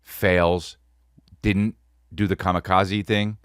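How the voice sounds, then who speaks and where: Male podcast host spinning comic bits, animated and profane, low voice, dead-dry studio. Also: slow pace, smooth, dry recording. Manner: animated, profane, peppered with "dude". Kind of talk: comedic storytelling.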